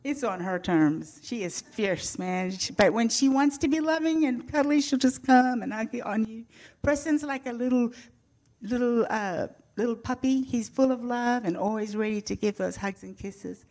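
A woman's voice: on the high side, moderate pace, darkish tone. An older woman sharing a personal faith testimony with a church audience, heartfelt and earnest with light touches of humor.

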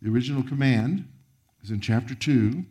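A man preaching a sermon, reading scripture aloud and commenting on it, his voice rising high and then dropping to a near whisper. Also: animated, brisk. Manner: preaching with sharp swings of pitch and volume, dropping to a near whisper. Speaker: pastor.

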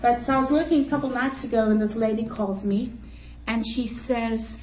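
Animated woman storyteller in an echoey hall. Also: fairly high pitch, moderate pace. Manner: animated, playful, chatty storyteller. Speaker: luncheon speaker, pastor's wife. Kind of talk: humorous personal storytelling talk. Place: conference luncheon hall. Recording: echoey hall, voice from far off, faint crowd and noise.

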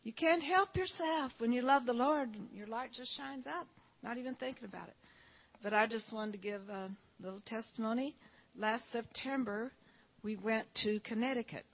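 A woman's voice: a little high, moderate pace. Older woman, church testimony, storytelling, fervent, dull lo-fi sound. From Georgia, USA. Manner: storytelling, fervent, quotes people in dialogue. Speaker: church speaker giving testimony. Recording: dull lo-fi recording.

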